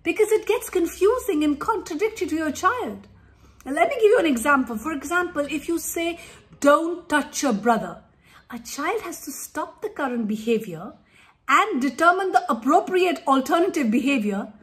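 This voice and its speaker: Woman w/ a high voice, parenting coach talk, earnest and emphatic. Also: lively intonation, moderate pace.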